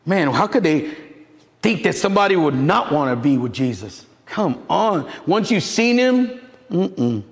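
A man, a pastor preaching a sermon in an animated, conversational way. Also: a little high, unhurried. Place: church sanctuary. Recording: echoey hall with long reverb.

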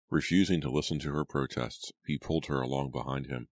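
एक आदमी, बहुत गहरी आवाज़ में ऑडियोबुक सुनाता हुआ, सूखी, बिना गूँज की रिकॉर्डिंग।. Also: male voice, rumbling low, dry recording. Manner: steady, measured storytelling. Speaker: audiobook narrator. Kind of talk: scripted narration.

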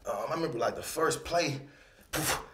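A man in his thirties, a retired football player, telling stories from his career in a casual, rambling interview, sometimes jumping into animated bursts. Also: a little high, moderate pace, a crowd in the background. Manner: relaxed, rambling, with animated bursts when quoting himself. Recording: roomy echo.

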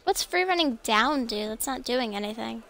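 A young woman talking casually to herself while playing a video game, chatty and quick to apologize and laugh. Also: fairly high pitch, animated, a bit bright, a little hiss or hum. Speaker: gameplay streamer.

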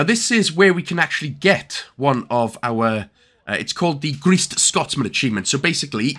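A man's voice: medium pitch, sharp tone. A young man with a Welsh accent giving chatty, jokey game walkthrough commentary with lots of fillers. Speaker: gaming YouTuber.

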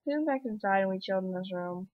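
A woman's voice: mid-range voice, lively intonation, fast, no room sound. Tired teen girl rambling on a tinny mic. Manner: rambling storytelling, acts out texts and quotes. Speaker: vlogger. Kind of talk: casual daily vlog. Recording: dry tinny phone-like sound.

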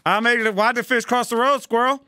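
A man hosting a co-op gameplay video, swearing loudly and screaming at the game in bursts of yelling and laughter. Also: very high voice, steady tone, fairly quick, clean tone, no echo. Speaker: gaming host. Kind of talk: co-op gameplay commentary.

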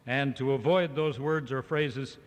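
A man's voice: medium pitch, steady tone, a little slow. A man giving a humorous speech to a live audience at a farm organization meeting, using a mock-serious lecturing tone. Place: large hall with an audience. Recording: reverberant hall on archival cassette.

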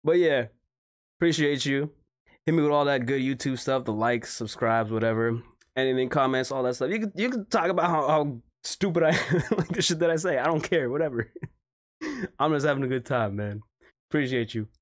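A young man giving casual, excitable commentary on a mobile game, swearing freely and laughing often. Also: medium pitch, normal speed. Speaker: gaming YouTuber.

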